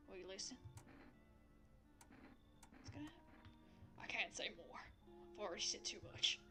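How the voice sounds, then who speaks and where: A woman voicing a solemn, cryptic seer who speaks in a hushed, ominous way. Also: mid-range voice. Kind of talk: game voice acting.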